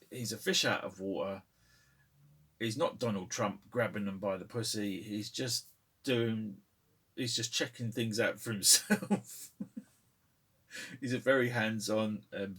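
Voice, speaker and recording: A middle-aged man talking casually to his channel in a low, husky voice. He rambles along with lots of ums and uhs. He chuckles now and then. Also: fairly bright tone. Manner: rambling, hesitant, with many fillers and chuckles. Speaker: channel host. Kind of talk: casual opinion vlog.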